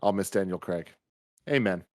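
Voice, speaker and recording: A man's voice: low-pitched, moderate pace, darkish tone, no room sound, studio quality. An enthusiastic man hosting a casual film review podcast, reading listener reviews aloud with his co-hosts. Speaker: podcast host. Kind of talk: casual movie review chat.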